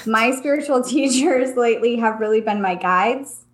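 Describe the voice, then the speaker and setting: Earnest young woman, slightly high voice. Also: normal speed. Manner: earnest, reflective, with frequent fillers. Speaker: podcast co-host. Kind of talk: casual spiritual chat.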